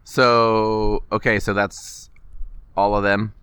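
A man's voice: on the low side, little pitch movement, slow, a bit bright, clear, resonant tone, no room sound. A man co-hosting a podcast in casual chat, dropping teasing, joking asides. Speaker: podcast co-host.

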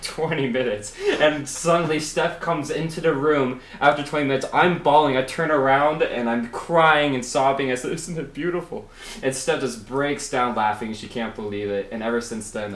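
A young man, a podcast guest, telling stories in a casual chat, animated and laughing often. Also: mid-range voice. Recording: roomy echo, faint background noise.

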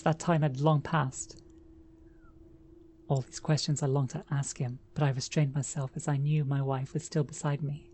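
A woman narrating a first-person horror story in a measured, dramatic reading. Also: deep voice, level tone, mellow, husky.

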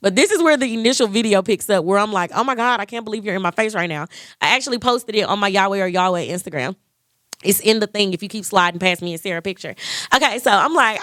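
A woman's voice: on the high side, lively intonation, a little fast, pushed and bright, dry recording, clean studio sound. A young woman, a podcast host, gushing as she retells a story and quotes others. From Memphis, Tennessee. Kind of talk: excited storytelling vlog.

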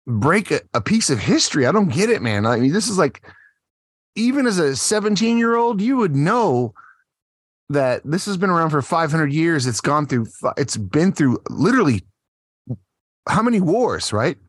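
A man's voice: fairly high pitch, moderate pace, breathy edge, no room sound, clean studio sound. A man co-hosting a podcast, tipsy, rambling and swearing as he reads out odd news stories in casual banter. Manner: profane, rambling and animated. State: tipsy from drinking. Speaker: podcast co-host.

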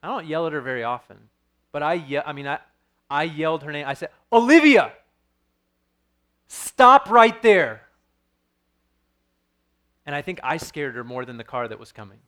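A man's voice: fairly high pitch, fast talker, a bit bright. Earnest male pastor preaching. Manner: earnest, storytelling with rising intensity and frequent restarts. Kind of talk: sermon.

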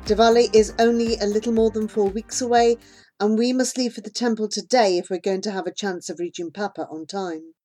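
Woman, audiobook narrator, first-person children's novel, calm, measured, mid pitch. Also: soft background music.

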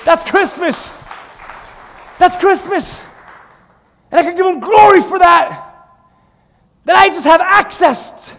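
A man preaching a fervent sermon, swinging from shouts to hushed asides. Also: very high-pitched, slow, pauses often, a faint crowd. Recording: long reverb in a large hall.

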